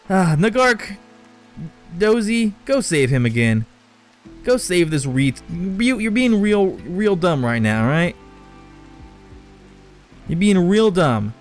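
A young man commenting on his own gameplay, swearing and scolding the characters in exasperation. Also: high-pitched. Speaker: let's play gamer.

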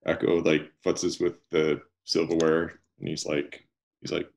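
A man playing a tabletop game who speaks in a halting, hesitant way. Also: extremely low pitch, completely flat delivery, creaky, darkish tone. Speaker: player. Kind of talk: tabletop role-play.

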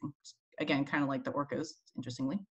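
A woman's voice: extremely low pitch, fairly even intonation, racing, slightly rough, highs cut off. A woman scientist co-hosting a casual educational chat, explaining animal facts in a chatty way and laughing often. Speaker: marine mammal scientist co-host.

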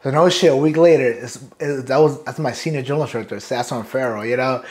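A man's voice: mid-range voice, fairly quick. A man, a Marine sergeant major telling loose, profane stories from boot camp in a casual interview, often laughing. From Brooklyn, New York.

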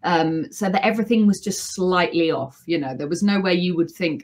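A woman, an author and audiobook narrator, chatting as a podcast guest in a lively, playful way, laughing often. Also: lowish voice, normal speed. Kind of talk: casual podcast interview.

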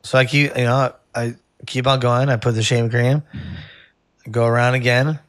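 A man's voice: medium pitch, normal speed, no room sound, studio quality. A man who works as a barber, telling a rambling story in casual chat and calling the listener "bro". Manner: animated, rambling, says "bro" a lot.

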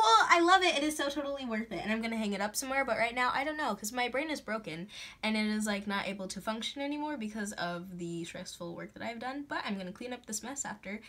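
A young woman chatting through a craft tutorial in a bubbly, excitable way, breaking into gasps and squeals. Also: medium pitch. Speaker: craft vlogger. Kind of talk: casual DIY tutorial chat.

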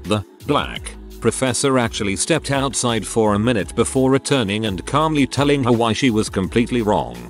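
A man reading online stories aloud as scripted narration, with a wry, dry storytelling manner. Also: fairly low pitch.

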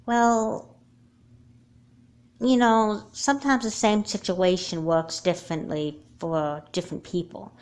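A sensible older teen sister, played by a woman in a homemade doll movie. She gives calm, reassuring advice in a slightly raised, lively voice. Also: medium pitch, slow, natural voice.

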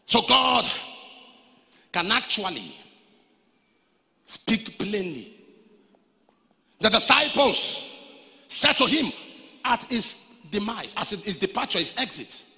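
Pastor preaching in a reverberant hall. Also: male voice. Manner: swings from low storytelling to shouted preaching. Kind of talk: sermon.

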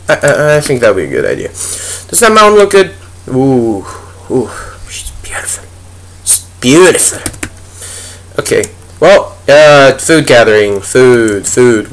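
A man's voice: on the high side, fairly bright tone. A young man giving goofy, chatty let's play commentary as a gaming video host, talking to the animals in the game. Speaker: gaming YouTuber.

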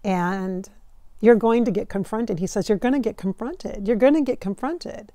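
A woman from Minnesota talking casually as a channeler, relaying messages in quotes, chatty, and slowing down for emphasis. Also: medium pitch, dark tone, no echo, studio quality. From Minnesota, United States. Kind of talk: casual spiritual channeling talk.

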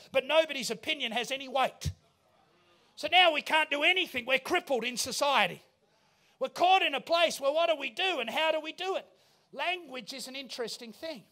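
A man preaching a sermon in a large church auditorium, emphatic and rising to shouts. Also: extremely high pitch. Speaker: pastor.

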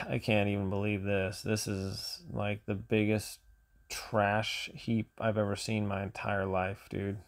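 Guy with a low gravelly voice venting over a game he keeps losing, lots of sighs. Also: level tone, slow. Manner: grumbling and exasperated, sighs often. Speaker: gaming channel host. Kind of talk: frustrated gameplay commentary.

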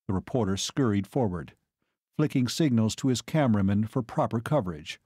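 A man narrating an audiobook in a measured, even storytelling manner, on a close studio mic. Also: medium pitch, breathy edge, no room sound. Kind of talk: scripted narration.

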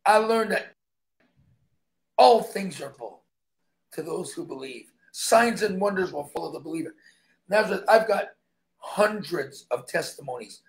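A man's voice: high-pitched, lively intonation, a little slow, pauses often. A man who is a stuntman, guesting on an interview and telling emphatic stories in which he acts out the dialogue.

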